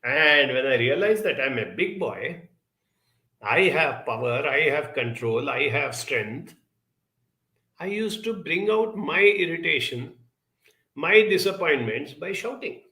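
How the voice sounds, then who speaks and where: A man's voice: a little high, expressive, slow, sharp tone. A man speaking as a guest on a program, telling a childhood story in an earnest, reflective way with rhetorical questions.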